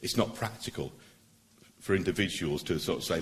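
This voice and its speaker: A middle-aged man, a barrister, giving an earnest, persuasive public speech at a meeting, pausing for emphasis. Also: sits low, expressive, a little hiss or hum.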